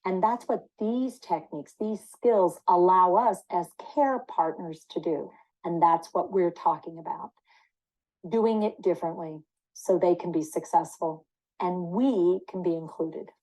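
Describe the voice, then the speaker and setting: A woman's voice: on the low side, unhurried, darkish tone, poor audio. A woman teaching dementia care techniques in a webinar, speaking emphatically and acting out short apology phrases as examples.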